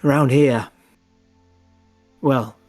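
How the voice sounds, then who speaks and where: A man's voice: mid-range voice, steady tone, very slow, a little mellow, faint music behind. A man voicing a weary, curt male dwarf messenger in a tabletop game, speaking in a guarded, tired way. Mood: grave.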